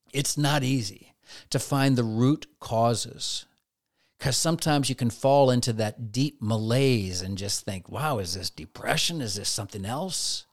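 With a mid-range voice, a man who works as a therapist gives an inspirational talk on faith. Rhetorical questions abound, and he acts out little inner voices along the way.

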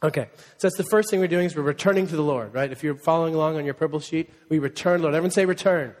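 A fairly high-voiced male pastor delivers a lively sermon, joking with the congregation and calling on them to repeat words back. His voice rings through a church sanctuary with a long reverb tail. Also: very fast. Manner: call-and-response, animated and joking.

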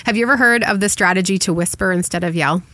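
A middle-aged woman hosting a casual parenting chat, chatty and practical with quick asides. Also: mid-range voice, bright, forceful tone. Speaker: podcast host.

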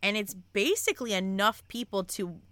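Bright-voiced young woman gushing casually. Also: medium pitch, normal speed, no echo. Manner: excitable, swears freely, gushes. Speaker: podcast co-host. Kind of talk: casual book chat.

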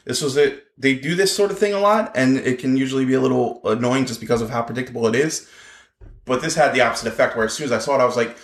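Speaking fast, an animated podcast co-host with a mid-pitched voice keeps the casual conversation lively, slipping into quoted dialogue in louder voices. There's a slight ring of reverb in the room.

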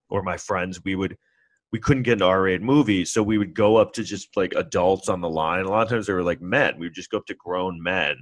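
In his forties and from New York City, this podcast host speaks with a New York accent and a low, slightly bright voice, recorded dry and close with no echo or room. His casual solo monologue rambles, pokes fun at himself, and mocks others in high-pitched imitations.

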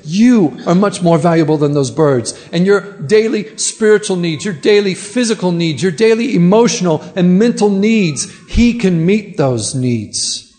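A man's voice: on the high side, darkish tone. A man preaching a sermon as a pastor, earnest, often repeating words as he starts a thought. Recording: long hall reverb.

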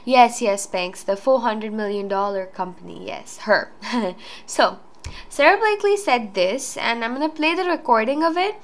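Earnest rambling woman with a higher voice. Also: expressive, moderate pace. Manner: rambling, earnest, frequent fillers. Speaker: podcast host. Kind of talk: casual solo talk.

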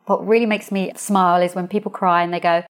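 Expressive woman hosting a podcast. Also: lowish voice, quick pace. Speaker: podcast host, coach and hypnotherapist. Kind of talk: solo podcast monologue.

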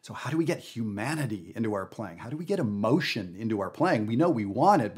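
A man hosting a jazz podcast, teaching in a casual, animated, emphatic way with everyday fillers. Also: on the low side, quick pace, few pauses, husky. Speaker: jazz educator and podcast host.

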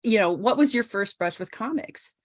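A woman hosting a casual interview, easygoing and quick to laugh. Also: medium pitch, animated, no echo, studio quality. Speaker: interviewer, host.

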